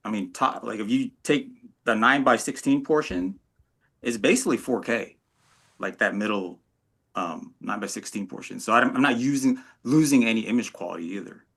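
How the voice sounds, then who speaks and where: A man in a casual panel chat, explaining his video work in a halting way, full of restarts. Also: medium pitch, a bit bright. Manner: halting, lots of likes and restarts.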